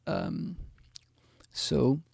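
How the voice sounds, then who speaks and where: A man's voice: very slow, a little mellow, dry recording. A man teaching a language in a casual screencast, hesitant, with many ums and restarts as he types examples. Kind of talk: screencast lesson, typing examples.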